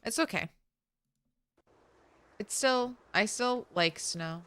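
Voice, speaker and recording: A woman's voice: mid-range voice, slow pace, a bit bright, smooth. A woman game streamer chatting casually from home, greeting viewers by name and laughing often.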